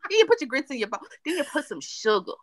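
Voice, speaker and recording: A woman co-hosting a podcast in casual chat, telling stories with playful, animated delivery. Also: high-pitched, quick pace, no room sound. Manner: animated, playful storytelling with frequent laughter. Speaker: podcast co-host.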